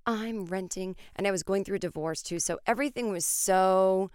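A woman in her forties tells a comic story on her podcast, jumping into other people's voices as she goes. Her voice is smooth and clear, and she keeps the delivery casual with frequent swearing. It is recorded dry and close, with no room sound. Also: medium pitch, moderate pace, dry recording. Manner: animated, acts out voices in quotes, swears freely. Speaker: podcast host.

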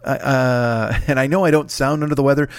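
In a brisk, steady mid-range voice, the podcast host, who is feeling unwell, delivers a loose solo announcement full of cursing, tangents and false starts. There's no room sound.

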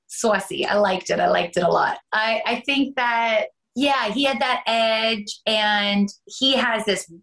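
A woman's voice: medium pitch, fairly bright tone. A Canadian woman, an actress, chatting in an interview, talkative with laughing asides. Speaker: soap opera actress, guest. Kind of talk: casual interview chat.

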